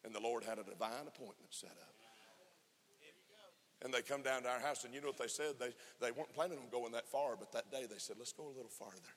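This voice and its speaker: A man's voice: medium pitch, a little fast. A man preaching a fervent sermon to a conference, often laughing and calling for amens. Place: church conference hall. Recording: echoey hall reverb.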